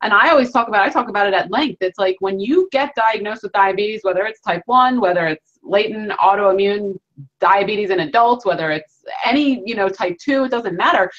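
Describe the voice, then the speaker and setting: A woman's voice: medium pitch, fairly quick, a bit bright. A woman hosting an interview over a video call, speaking earnestly and circling back to restate her points. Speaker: host. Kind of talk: reflective interview commentary. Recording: dull lo-fi video call audio.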